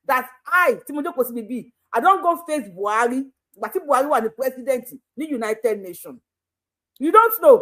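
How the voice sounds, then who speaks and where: High-voiced Nigerian woman hosting a channel. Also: quick pace, hardly any pauses. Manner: animated, laughing, mixing Yoruba with pidgin English. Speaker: YouTube channel host. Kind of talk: casual live commentary.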